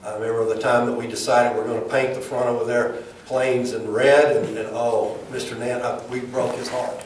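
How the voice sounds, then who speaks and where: Middle-aged man, folksy speaker, mid pitch, distant mic in a very echoey hall. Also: flat delivery, normal speed, slight background noise. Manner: folksy, storytelling, plainspoken. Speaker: speaker at a chamber event, former football coach. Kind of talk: folksy motivational speech with jokes.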